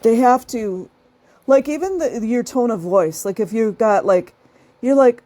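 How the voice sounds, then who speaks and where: A woman's voice: fairly high pitch, lively intonation, moderate pace, dark tone. A woman hosting her own channel, talking casually to her viewers. She laughs often and acts out the people she describes. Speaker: channel host.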